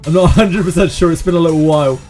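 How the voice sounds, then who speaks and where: A man's voice: a little high, rapid-fire, a little mellow, soft background music. Chatty West Country man streaming. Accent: West Country English. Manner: chatty, joking, laughs often. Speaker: game streamer. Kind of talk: casual live-stream commentary.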